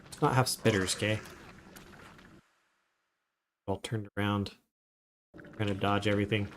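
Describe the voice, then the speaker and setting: A man's voice: lowish voice, fairly even intonation, unhurried, fairly bright tone, slight background noise. A man chatting casually while he livestreams a game, rambling into asides as he plays. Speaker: gaming streamer.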